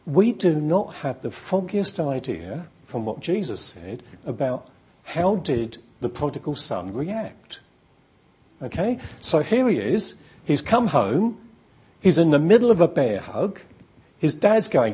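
A man's voice: on the high side, sing-song, slow, mellow, breathy edge. A man preaching a sermon in an emphatic, repetitive, storytelling manner.

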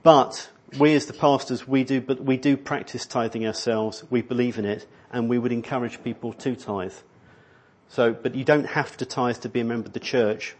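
A man's voice: mid-range voice, fairly even intonation, moderate pace, a little mellow. A middle-aged man preaching a sermon in a church hall, rambling and conversational, with many restarts. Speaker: pastor.

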